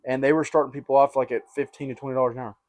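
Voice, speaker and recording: A man's voice: medium pitch, very fast. Rambling young guy telling stories. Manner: rambling and animated, uses "dude" and "like" a lot. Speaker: podcast host. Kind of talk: casual storytelling chat.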